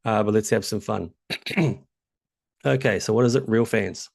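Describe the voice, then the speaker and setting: A man's voice: lowish voice, unhurried, vocal fry. A man with a New Zealand accent giving a chatty, casual tutorial with lots of ums. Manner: chatty, loose, many ums. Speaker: tutorial host. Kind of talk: casual screen-share tutorial.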